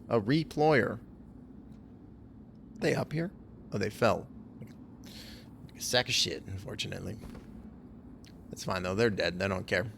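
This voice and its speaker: Young male streamer, gravelly, sarcastic and swearing, animated delivery. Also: lowish voice, unhurried, long pauses, a little hiss or hum. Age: young adult. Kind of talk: live game-stream commentary.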